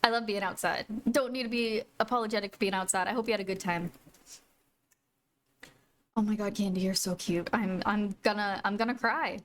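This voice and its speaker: A woman's voice: medium pitch, fairly even intonation, normal speed, a little hiss or hum. A woman live-streaming a video game, chatting casually with viewers and gushing over her pets. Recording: faint music behind.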